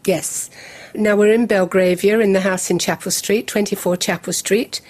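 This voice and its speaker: An older woman from England, a guest in an interview, telling her stories in a lively, anecdotal way. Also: medium pitch, moderate pace. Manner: lively anecdotal storytelling with laughs. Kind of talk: storytelling interview.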